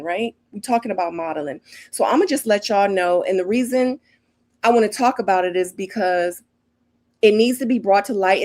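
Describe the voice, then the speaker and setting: A woman in her forties, a former model, giving a casual, emphatic recap straight to camera, often tagging lines with "okay?" and "honey". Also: a little high. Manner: sassy and emphatic, keeps adding "okay?" and "honey". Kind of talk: casual recap chat to viewers.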